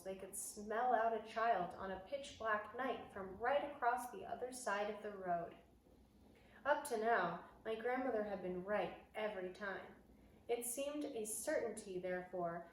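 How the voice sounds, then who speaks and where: A woman's voice: mid-range voice, recorded from a distance. Woman reading a storybook aloud, echoey room. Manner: expressive, dramatic reading. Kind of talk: reading a children's novel aloud. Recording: echoey room, voice off-mic, faint hiss.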